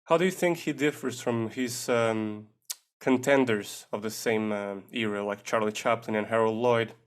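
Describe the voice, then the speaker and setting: A man co-hosting a casual film-review podcast. He is playful and quick to echo and joke with his co-hosts. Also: mid-range voice, clean tone. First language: Portuguese. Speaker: podcast co-host.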